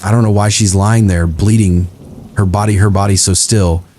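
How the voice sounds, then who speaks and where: A man reading first-person horror stories as a narrator, in a slow, brooding, confessional delivery. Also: lowish voice, fairly even intonation, a little mellow, a little hiss or hum.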